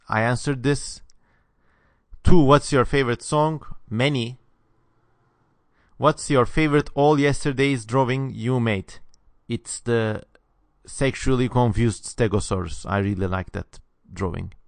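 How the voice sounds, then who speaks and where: Man, Southeastern European accent, sharp sibilant consonants, opinionated, dry close sound. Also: mid-range voice, measured pace, no echo. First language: not English. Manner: opinionated, lively. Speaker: channel host answering viewer questions. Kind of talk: casual Q&A monologue.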